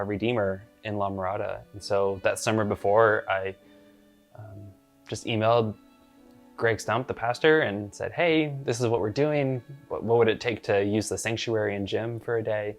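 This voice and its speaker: A filmmaker recalling how he secured a shooting location, relaxed and pausing with ums. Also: on the low side, soft background music. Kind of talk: behind-the-scenes recollection.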